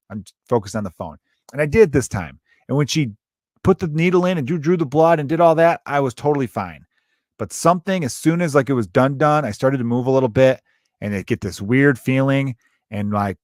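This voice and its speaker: Rambling profane comedian, dry close sound. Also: male voice, medium pitch, dry recording. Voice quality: rambling, profane, animated storytelling. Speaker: podcast host. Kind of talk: casual comedic monologue.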